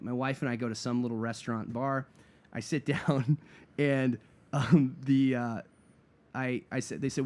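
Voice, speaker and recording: A man guest telling a long, comic story in a relaxed podcast chat, acting out what people said and laughing along. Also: medium pitch, brisk. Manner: animated storyteller, acts out quotes, laughs at own story. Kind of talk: casual storytelling.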